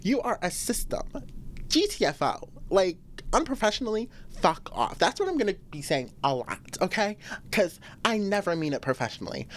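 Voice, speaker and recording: A young woman hosting a casual solo podcast, venting animatedly with frequent laughs. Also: normal speed. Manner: animated, venting, laughs often, swings to high exclamations. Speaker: podcast host.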